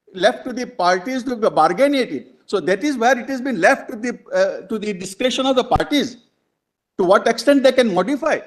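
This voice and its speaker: High-voiced male advocate arguing in court. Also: fairly bright tone. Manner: addresses the bench as "my lord" constantly, halting restarts. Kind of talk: courtroom legal argument.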